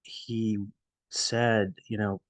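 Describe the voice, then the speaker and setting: A man casually recalling a friendship, quiet and reflective, halting with many restarts and fillers, audibly emotional. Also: fairly low pitch, little pitch movement, no room sound. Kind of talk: casual personal storytelling.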